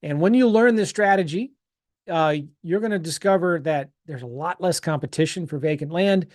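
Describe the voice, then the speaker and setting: A middle-aged man runs a live webinar, talking in a bright, higher register. He is chatty and upbeat, repeating himself with sales-pitch energy. The sound is dry and close on a computer mic. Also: moderate pace, no echo. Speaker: webinar presenter.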